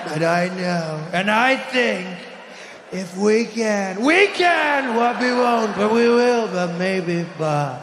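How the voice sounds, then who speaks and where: A man's voice: high voice, animated, slow, roomy sound, background noise. A man impersonating a blustering male politician whose volume and inflection swing erratically as he drags out his words. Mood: boastful.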